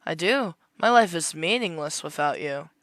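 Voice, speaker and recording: A man voicing a towering, obsessive knight who gushes over his idol and keeps trying to calm himself. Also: a little high, normal speed. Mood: gushing. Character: towering male knight-fan, obsessive, axe-wielding, twitchy.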